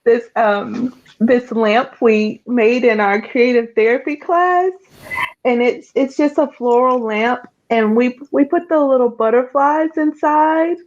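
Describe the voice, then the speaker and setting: A woman's voice: on the high side, takes it slowly, muffled recording. Tearful encouraging woman. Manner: emotional, tearful, encouraging, laughs often. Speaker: guest speaker, creative coach. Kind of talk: heartfelt conference talk.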